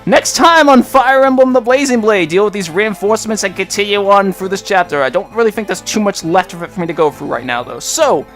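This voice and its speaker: A man hosting a let's play, talking through his moves in a chatty, rambling way with sudden excited outbursts. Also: sits high, fairly quick, few pauses, faint music behind. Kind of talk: casual gameplay commentary.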